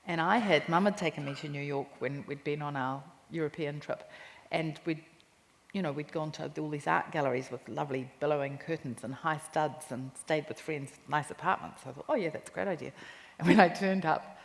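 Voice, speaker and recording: A woman with a New Zealand accent, a cookbook author telling lively anecdotes in a stage interview at a live festival talk. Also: low voice, brisk. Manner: animated anecdotes with quoted voices and laughter. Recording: reverberant hall with faint noise.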